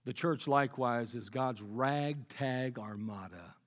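A man preaching a sermon with earnest conviction, dropping low and quiet on his key points. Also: slow pace. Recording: long reverb of a large hall.

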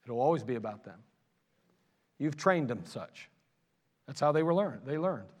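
A man preaching a sermon as pastor, talking in an animated, conversational way with self-mocking asides. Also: mid-range voice, moderate pace. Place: church sanctuary. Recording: long reverb of a church hall.

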